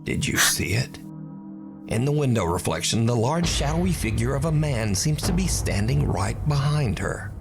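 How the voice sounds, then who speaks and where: A man's voice: mid-range voice, animated, moderate pace, creaky. A man giving dramatic, suspenseful scripted narration for a paranormal video. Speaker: documentary narrator. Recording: narration over loud music.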